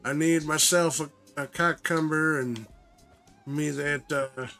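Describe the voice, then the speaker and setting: A man's voice: on the high side, steady tone, slow pace, bright, forceful tone, faint music behind. A man hosting a co-op cooking game, energetically calling out orders and teasing his teammates. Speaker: host. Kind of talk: playing a cooking game with friends.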